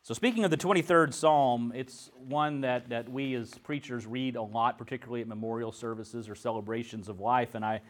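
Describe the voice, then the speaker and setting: A man preaching, his voice sitting at an ordinary middle pitch. He reads scripture and then moves into an earnest, conversational story, now and then restarting a phrase. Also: fairly even intonation, fairly quick, hardly any pauses. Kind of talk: sermon with scripture reading.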